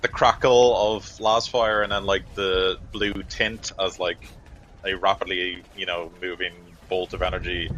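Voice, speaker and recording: Deep-voiced man running a tabletop game. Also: fairly bright tone, slight background noise, rough recording. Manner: loose, filler-heavy descriptive narration. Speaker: game master.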